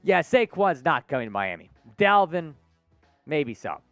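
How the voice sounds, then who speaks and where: Animated man hosting a live sports stream. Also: a little high, unhurried, no room sound, faint music behind. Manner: lively, animated, answers viewer comments by name. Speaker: sports show host. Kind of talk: live stream sports talk reading chat.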